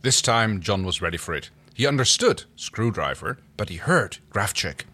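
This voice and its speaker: A man's voice: on the low side, expressive, normal speed, sharp tone. A man co-hosting a podcast, reading fan fiction aloud in a playful way. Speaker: podcast co-host.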